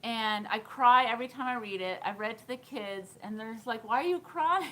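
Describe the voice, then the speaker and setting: A woman's voice: a little high, steady tone, fairly quick, a bit bright, poor audio. A woman in her thirties chatting casually on a live stream, giggling often and answering viewer comments. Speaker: thrift vlogger.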